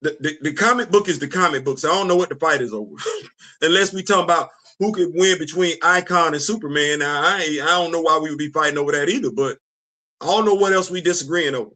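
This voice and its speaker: Man, middle-aged, casual livestream host, animated, high-pitched. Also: fast talker. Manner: animated, laughing often, answering chat.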